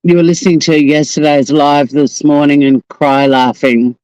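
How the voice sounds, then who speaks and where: A man's voice: on the high side, level tone, moderate pace, darkish tone, smooth, no room sound, dull audio. Profane, joking Australian man. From Tasmania, Australia. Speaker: livestream host. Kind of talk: casual live-stream chat. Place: outdoors on a coast.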